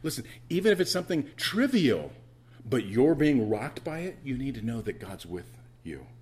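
A man's voice: mid-range voice, big pitch swings, moderate pace, darkish tone, husky. A middle-aged man, a pastor, preaching a conversational sermon to his church, repeating words and pressing his points with emphatic rises.

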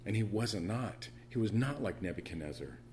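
Animated man preaching a sermon. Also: on the low side, moderate pace, a little hiss or hum. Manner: animated, stammering restarts, builds to loud proclaiming. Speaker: pastor.

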